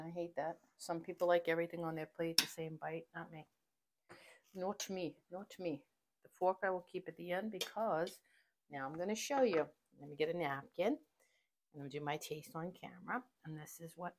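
A middle-aged woman chats her way through a home cooking vlog in her kitchen. She sounds enthusiastic and keeps passing along tips, in a slightly low voice. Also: a little fast, noisy background. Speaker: cooking channel host.

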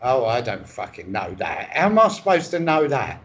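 A man's voice: medium pitch, big pitch swings, normal speed, lo-fi sound. A man from England improvising a comedy chat, rambling and sweary with a mock-earnest tone. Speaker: comedy co-host.

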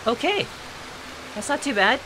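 A high-voiced woman narrates her own horror game as a let's play, speaking slowly and drawing out her words. She's tense, swears under her breath, mutters to herself and snaps at things on screen. A steady hiss runs beneath her voice.

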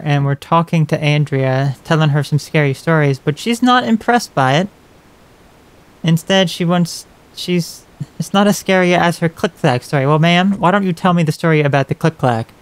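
A man's voice: fairly high pitch, normal speed, clear, resonant tone. A man casually commenting as he plays a horror game, talking wryly to its characters. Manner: wry, chatty remarks to game characters. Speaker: let's play host.

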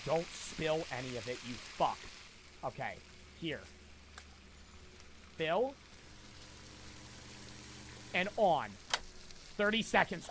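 A young man streaming a cooking game, talking to his chat in a frantic, profane, yelling way. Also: a little high, expressive, measured pace, pauses often, slight background noise. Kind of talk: gaming livestream commentary.

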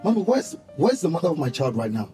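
A high-pitched young man plays a betrayed father. He accuses and demands in relentless repeated questions. Soft music runs underneath. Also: very animated, fast. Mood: furious. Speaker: son confronting his mother. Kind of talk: TV drama acting.

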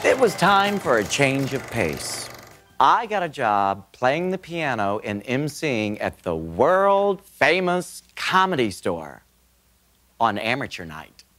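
A comedian performing a one-man stage show, telling stories in a theatrical, animated way. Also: mid-range voice, slow pace, faint music behind.

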